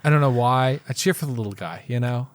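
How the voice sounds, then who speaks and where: A man's voice: medium pitch, fast. A man co-hosting a casual podcast, enthusiastic and full of fillers. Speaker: podcast co-host. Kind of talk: casual chat.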